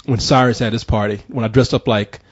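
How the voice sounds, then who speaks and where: A man hosting a casual podcast, trading relaxed, chuckling banter with his co-host. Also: mid-range voice, brisk, husky. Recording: dull lo-fi podcast audio.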